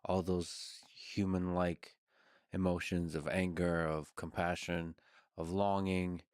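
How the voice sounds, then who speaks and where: A man with a low voice hosts a conversational interview. He asks curious questions and drops playful jokes between them. The sound is dry and close to the mic. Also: little pitch movement, slow, darkish tone, smooth, no echo. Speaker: interview host.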